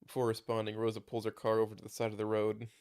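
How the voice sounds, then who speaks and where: A man's voice: fairly low pitch, completely flat delivery, fast talker, darkish tone, smooth. A man casually reading a fan story aloud, with small stumbles and restarts as he goes. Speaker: story narrator.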